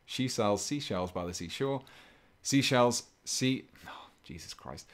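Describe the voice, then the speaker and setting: A man's voice: mid-range voice, lively intonation, unhurried, few pauses. A man hosting a live stream, chatting casually and playfully while he paints, rambling and poking fun at himself. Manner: rambling, playful, self-mocking, thinks aloud.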